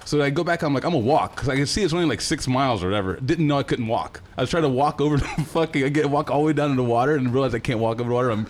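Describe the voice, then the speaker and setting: A young man telling a wild story in casual, profane, animated talk. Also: mid-range voice, racing, hardly any pauses, slight background noise. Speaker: guest telling a travel story.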